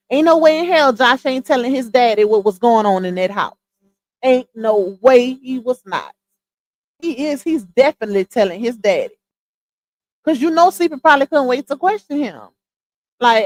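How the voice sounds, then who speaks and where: Young woman streamer, blunt slangy gossip host, slightly high voice, casual home mic. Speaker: livestream host. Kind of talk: casual commentary livestream.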